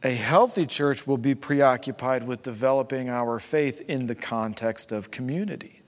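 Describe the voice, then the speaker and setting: A man's voice: medium pitch, normal speed. A man preaching a sermon as pastor, conversational, with rhetorical questions and asides to his congregation. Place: church sanctuary. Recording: long hall reverb.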